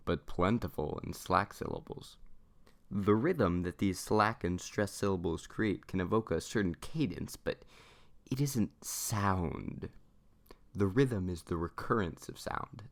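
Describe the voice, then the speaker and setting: A man reading a prepared lesson aloud, deliberate and emphatic on key terms. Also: low voice, vocal fry.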